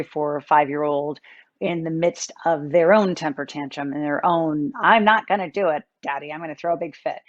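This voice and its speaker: A woman's voice: low voice, lo-fi sound. A woman hosting a conversational podcast interview, asking engaged questions. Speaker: podcast host.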